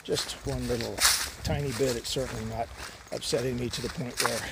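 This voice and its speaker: A man's voice: mid-range voice, fairly even intonation, brisk, creaky. Rambling hiker man on a noisy trail. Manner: rambling and easygoing, many "uh" fillers. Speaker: long-distance hiker vlogger. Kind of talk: casual vlog monologue. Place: outdoors on a mountain hiking trail. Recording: outdoor noise behind the voice.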